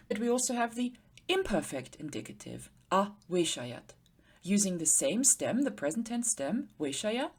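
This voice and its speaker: A woman teacher giving an explanatory grammar lecture, patiently slowing down to spell out word forms. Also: mid-range voice, slightly rough. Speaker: Sanskrit teacher.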